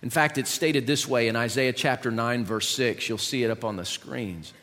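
A man's voice: medium pitch, moderate pace, a bit bright. A male pastor preaching a sermon in a conversational way, asking the congregation questions. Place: church. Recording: long hall reverb.

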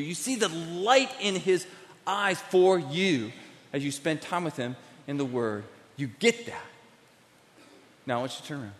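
A high-pitched male pastor delivers a sermon to a large room, going from hushed asides to emphatic declarations. His voice rings out with a long hall reverb. The delivery is direct and animated. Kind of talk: sermon with live demonstration.

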